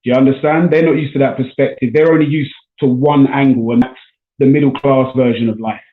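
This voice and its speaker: On a video call, a male stand-up comedian with a South London accent chats casually, his voice medium-pitched and his pace a little fast. He keeps it relaxed and talkative, with plenty of "man" and "bro." The sound is tinny and echoey.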